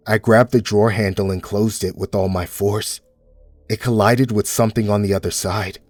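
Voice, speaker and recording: A man with a fairly low, husky voice reads a horror story aloud in a steady, measured way. Faint music plays underneath the scripted narration. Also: no echo.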